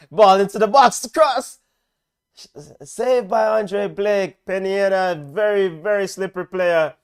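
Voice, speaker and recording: A hoarse Jamaican man calling a live football match in a chatty, excitable way. His voice sits fairly high, and he breaks into shouts when the action heats up. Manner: excitable, chatty, bursts into shouts at big moments. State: hoarse, voice worn out. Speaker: play-by-play commentator. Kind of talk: live football watch-along commentary.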